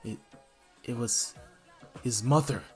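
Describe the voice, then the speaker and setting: A man's voice: mid-range voice, slow pace. Man casually retelling a fan story. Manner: loose, rambling. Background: faint lofi music.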